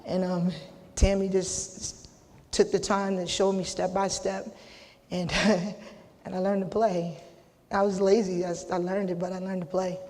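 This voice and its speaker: A middle-aged woman holding back tears, giving a halting acceptance speech full of restarts and casual slang. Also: fairly low pitch, little pitch movement, darkish tone. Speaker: hall of fame inductee. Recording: long hall reverb.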